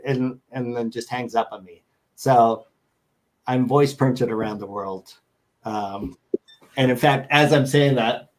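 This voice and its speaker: A man's voice: mid-range voice, animated, slow pace. A man chatting as a guest on a show, rambling and joking as he tells stories over a video call. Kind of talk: casual chat.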